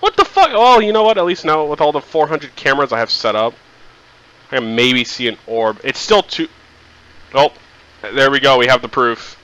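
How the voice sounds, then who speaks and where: A man commentating his solo horror game run, exasperated and swearing a lot, breaking into high shouts. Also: normal speed, long pauses, poor audio. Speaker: gaming streamer.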